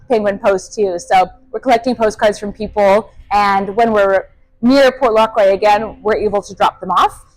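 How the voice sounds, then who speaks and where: A woman's voice: on the high side, no room sound, low-quality recording. A young adult woman, a kayak guide, answering interview questions in a friendly, chatty way with frequent fillers and laughs. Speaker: kayak guide on expedition ship.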